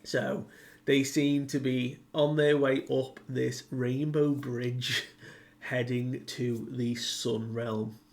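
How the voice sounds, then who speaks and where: A man talks through a comic chapter at an unhurried, drawn-out pace, his pitch sitting in an ordinary middle range. His delivery is loose and rambling, and he fills it with "like" as he retells the characters' lines in his own words. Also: level tone. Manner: rambling, heavy use of "like", paraphrases characters. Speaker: manga reviewer. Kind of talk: casual chapter recap.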